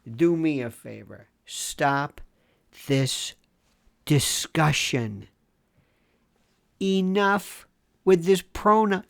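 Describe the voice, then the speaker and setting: A Florida legal commentator and talk host in his sixties gives a sarcastic solo monologue, sometimes dropping into mock whispers. He speaks fairly high with lively intonation, drawing out words, sounding creaky, and pausing often.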